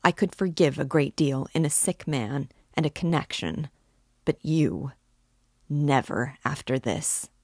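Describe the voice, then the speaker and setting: A woman reading the lines of a pompous, touchy gentleman suitor in a stiffly formal, supercilious manner. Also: deep voice, lively intonation, a little slow, slightly rough, no echo, studio quality, exaggerated voice. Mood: cold restraint.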